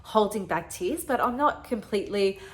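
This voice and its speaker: A woman's voice: medium pitch, expressive, moderate pace. Earnest woman telling a heartfelt story. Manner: emotional, earnest, repeats herself often. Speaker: podcast host.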